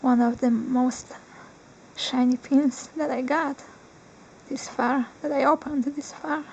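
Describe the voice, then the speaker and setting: A young woman, not a native English speaker, unboxing collectibles on camera, excitable and giggly, squealing with joy now and then. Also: sits high, slow, lo-fi sound, a little hiss or hum. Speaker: vlogger. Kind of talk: unboxing vlog.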